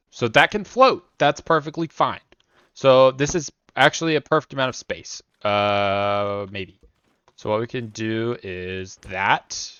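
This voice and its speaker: Young guy streaming, low gravelly voice, rambly jokey commentary, kinda muffled dry mic. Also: a bit bright, no room sound. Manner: rambling, jokey self-mocking asides. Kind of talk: casual gameplay commentary.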